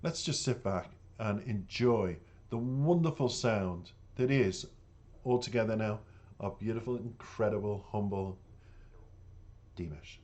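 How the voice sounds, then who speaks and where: A man's voice: fairly low pitch, a little slow, darkish tone. An Irish man hosting a reaction channel, talking earnestly and indignantly to his viewers and calling them "dears". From Ireland. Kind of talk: casual monologue to viewers.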